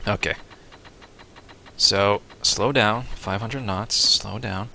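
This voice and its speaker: Male streamer, lowish bright voice, casual play-by-play to chat, self-coaching, faint noise. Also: steady tone, slow, gravelly. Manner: talks to chat, self-coaching, laughs often. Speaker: streamer playing a flight sim. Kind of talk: casual live-stream commentary.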